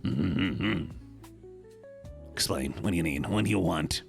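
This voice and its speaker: A man voicing a male goblin king who is menacing and silly, with a deep, gravelly, drawn-out delivery. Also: soft background music, full character voice. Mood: demanding. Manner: mock-threatening, drawn out. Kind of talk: live stream bit.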